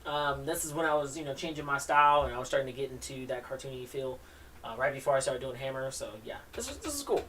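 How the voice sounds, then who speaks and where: A woman's voice: a bass voice, expressive, fast talker, fairly bright tone, recorded from a distance, slight background noise. A woman hosting a live stream, reading comics aloud in a rambling, enthusiastic way and laughing often.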